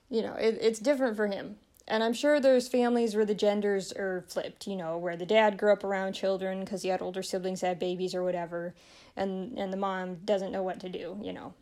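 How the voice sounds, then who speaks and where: A young woman in easy, unscripted chat, her voice sitting at an ordinary middle pitch. She rambles from thought to thought with plenty of fillers and laughs often as she talks. The tone is relaxed and conversational. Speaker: vlogger reviewing a film. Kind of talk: casual chat.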